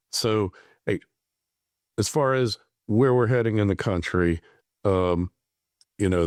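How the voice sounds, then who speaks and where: Deep-voiced man hosting a chat. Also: a little mellow, dry recording, studio quality. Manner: conversational, loose phrasing with many fillers. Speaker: podcast host. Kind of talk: casual political interview.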